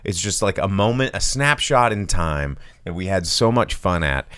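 Low-voiced man with lively pitch. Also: normal speed, smooth. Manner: rambling, laughs often, animated swings in pitch. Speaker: podcast co-host. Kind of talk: casual movie chat.

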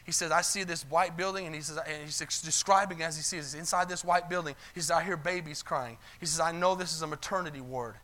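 Male pastor preaching from the pulpit; high, bright voice, retells stories in quoted voices. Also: fairly even intonation, brisk, hardly any pauses. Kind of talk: sermon storytelling. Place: church sanctuary.

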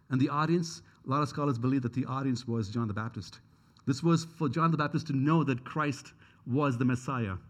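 A man's voice: fairly high pitch, a little mellow. Earnest man preaching a sermon. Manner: earnest, repeats key questions for emphasis. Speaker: pastor.

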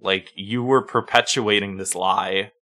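A man's voice: on the low side, fairly even intonation, unhurried, pushed and bright. A man co-hosting a podcast, telling stories animatedly and swearing freely in casual chat. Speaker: podcast co-host.

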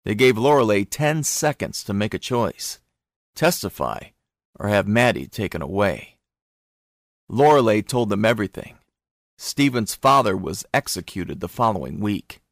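A man narrating an audiobook in a steady, even storytelling manner. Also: lowish voice, unhurried, dry recording, studio quality.

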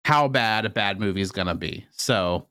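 A man hosts a relaxed podcast chat, easygoing and a little halting as he gathers his thoughts. His voice is dry and close, with no room around it. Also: fairly low pitch, smooth, no echo. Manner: easygoing, repeats words when starting thoughts. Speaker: podcast host.

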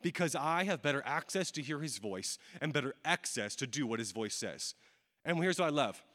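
A man's voice: fairly high pitch, expressive, moderate pace, pushed and bright. A young man giving a sermon as a guest speaker to a congregation, telling a personal story in a casual, joking way. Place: large hall before a live congregation. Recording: long hall reverb.

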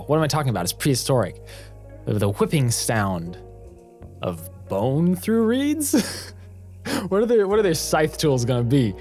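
A man at a middle pitch who narrates an improvised tale in a slow, deliberate way. He often breaks off playfully with a laugh, and faint music plays behind. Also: a little mellow. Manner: playful, laughs easily, breaks off to ask questions. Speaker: storyteller and co-host.

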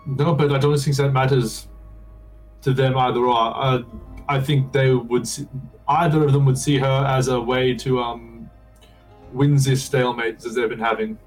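Man, player voice, mid pitch, hesitant, distant from the mic, faint music. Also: flat delivery, moderate pace. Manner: hesitant, full of restarts. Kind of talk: in-character tabletop play.

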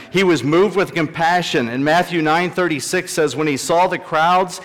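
A man's voice: mid-range voice, a bit bright. Emphatic preacher man, reverberant hall. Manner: emphatic, repeats key phrases for stress. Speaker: pastor. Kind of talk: sermon. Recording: long reverb in a large hall.

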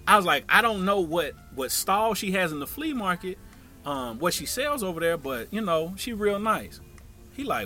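Animated bright-voiced man telling a comic story. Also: high voice, normal speed, faint music behind. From Tampa, Florida area. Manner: animated, acts out voices of others.

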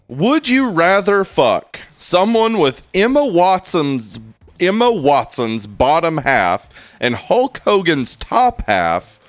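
A man's voice: fairly high pitch, very animated, takes it slowly, no echo. A man in his forties co-hosting a casual podcast, joking, swearing and laughing often. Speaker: podcast co-host.

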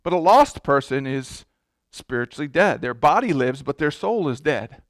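A man's voice: fairly high pitch, sing-song, moderate pace, no echo, studio quality. A man preaching a sermon as pastor, emphatic, repeating words and restarting his sentences.

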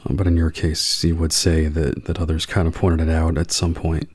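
A man hosting a podcast interview, asking gentle, measured questions with frequent fillers. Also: a bass voice, little pitch movement, breathy edge. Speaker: podcast host. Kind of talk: interview conversation.

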